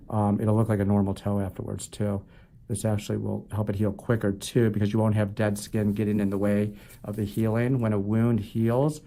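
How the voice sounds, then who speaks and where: A foot doctor in a clinic treatment room walks his patient through a procedure as he performs it, calm and explanatory, cracking jokes along the way. His voice sits lowish.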